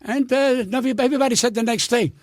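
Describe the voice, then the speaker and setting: A man's voice: extremely high pitch, steady tone, fairly quick, no room sound, clean studio sound. An older man, a comedian guest, telling stories in an indignant, profane, stammering rant. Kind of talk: ranting storytelling.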